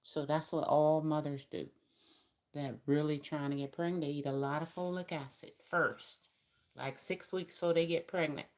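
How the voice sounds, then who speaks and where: Low-voiced chatty tarot reader woman. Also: fairly even intonation, moderate pace. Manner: chatty, spiritual advice, emphatic asides. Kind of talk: live-stream tarot reading.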